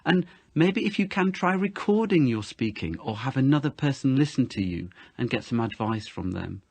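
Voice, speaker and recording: A man teaching pronunciation in an interview, explaining patiently and slowing down to stress words in an exaggerated way. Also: mid-range voice, lively intonation, a little mellow, no echo. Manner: clear explanations, slow exaggerated word stress.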